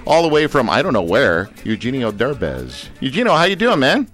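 A man's voice: mid-range voice, huge pitch swings, brisk, a bit bright, faint music behind. A Canadian man hosting a radio show, rambling and joking with many fillers. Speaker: radio host. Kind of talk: casual radio chat.

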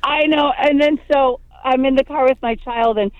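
A woman's voice: high voice, fairly even intonation, normal speed, clean tone, no echo, lo-fi sound. A middle-aged woman comedian calling in from outdoors at a festival, playful and teasing in a comic chat. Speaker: comedian and regular correspondent.

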